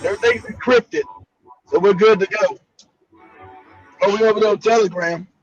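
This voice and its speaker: High-voiced, loud joking man. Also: steady tone, normal speed, slightly rough, no echo. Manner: loud, joking, profane banter. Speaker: host of a live online talk show. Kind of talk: casual chat. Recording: muffled lo-fi stream audio.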